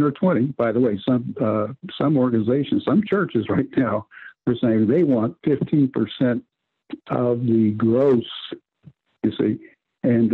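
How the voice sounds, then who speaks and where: Husky preacher on a tinny phone line. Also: male voice, mid-range voice, no room sound. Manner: halting, many restarts and "you see". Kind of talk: radio Bible teaching.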